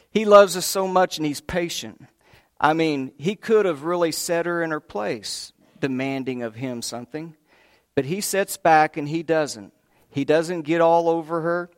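A man delivering a lively, conversational sermon, his voice sitting a little high for a man and often swelling for emphasis. The recording is close and dry, with almost no room sound. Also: no room sound. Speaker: preacher.

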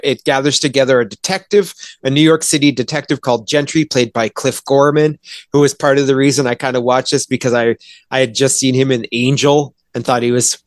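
A man's voice: mid-range voice, no room sound. A man hosting a podcast and reviewing a film in casual chat, rambling with lots of fillers and swearing. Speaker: podcast host reviewing films.

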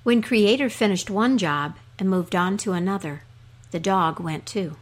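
A woman hosting a storytelling podcast, telling a folk tale in a soft, measured way. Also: mid-range voice. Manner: slow, measured, soft delivery.

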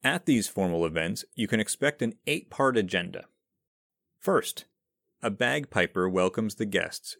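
A man's voice: medium pitch, dry recording, clean studio sound. A man hosting a podcast, reading a scripted explainer in a conversational, self-deprecating way. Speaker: podcast host.

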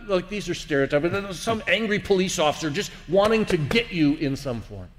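A man's voice: high voice, expressive, brisk, a little hiss or hum. A man teaching about faith in a reflective way, asking the listener questions. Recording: long reverb.

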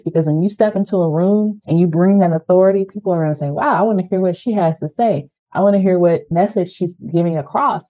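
Low-pitched woman coaching folks on meetings, asks lots of rhetorical questions, kinda muffled dry sound. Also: warm tone, no room sound. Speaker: podcast co-host. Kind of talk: conversational advice podcast.

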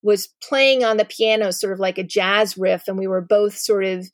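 A middle-aged woman telling a personal family story to an audience, candid and animated, with many ums and restarts. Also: mid-range voice, normal speed, no room sound, studio quality.

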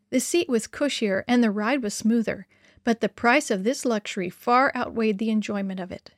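A woman's voice: fairly high pitch, no room sound, studio quality. Woman reading a story aloud. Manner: lively, expressive storytelling. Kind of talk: scripted first-person story reading.

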